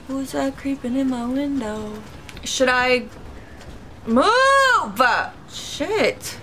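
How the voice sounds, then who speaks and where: A woman's voice: high voice, background noise. A young woman giving casual let's-play commentary, chatty and reactive, talking to her viewers with sudden yelps. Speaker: gaming YouTuber.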